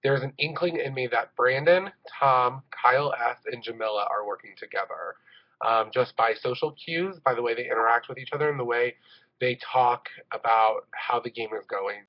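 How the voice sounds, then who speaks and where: A man's voice: medium pitch, normal speed. A man in a game confessional, speaking cautiously about alliances, with some hesitation. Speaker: online reality game player. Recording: dull lo-fi audio.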